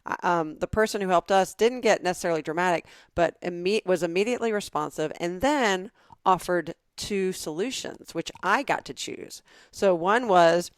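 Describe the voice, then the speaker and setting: A woman from the American South co-hosts a relaxed chat, speaking with emphatic conviction. Her voice is on the lower side. The recording is dry and close. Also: normal speed, no room sound. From southern United States. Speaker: podcast co-host. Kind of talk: casual chat.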